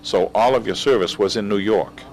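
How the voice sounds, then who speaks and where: A male interviewer steers an oral history conversation with short prompts and follow-up questions. His voice sits on the low side. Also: a little fast, rough recording.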